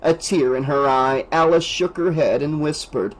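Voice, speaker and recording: A man narrating a horror audiobook in a steady, dramatic reading style. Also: mid-range voice, normal speed, hardly any pauses, low-quality recording. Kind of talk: scripted narration.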